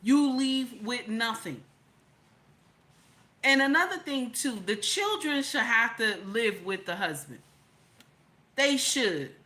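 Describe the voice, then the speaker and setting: A woman's voice: a little high, expressive, slow pace, pauses often, sharp tone. A middle-aged woman hosting an opinionated livestream, blunt, profane and preachy, greeting her chat as she talks. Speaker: livestream host.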